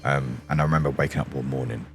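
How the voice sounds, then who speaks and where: A British man streaming late at night with a deep, quiet morning voice, rambling and giggling as he answers his chat. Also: steady tone, quick pace, gravelly, faint music behind.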